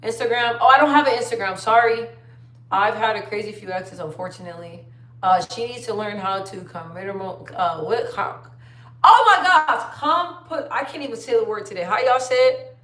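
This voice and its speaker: Young woman, livestream chat, storytelling, fairly high voice, roomy echo. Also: normal speed, a bit bright. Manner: chatty storytelling, reads viewer comments aloud. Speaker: livestream host. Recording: roomy sound, distant from the mic.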